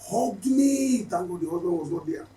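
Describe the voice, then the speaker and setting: Podcast guest: man, high lively voice, roomy distant sound. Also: moderate pace, slight background noise. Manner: animated storyteller, acts out dialogue. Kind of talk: casual podcast chat. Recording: roomy, slightly distant, faint ambience.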